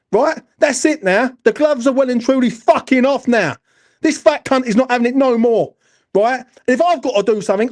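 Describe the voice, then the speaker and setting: A man with an East London accent, host of a football fan channel, ranting angrily to camera after a match, blunt and full of swearing, tagging "right?" and "yeah?" onto his lines. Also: extremely high pitch. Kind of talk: angry post-match rant to camera.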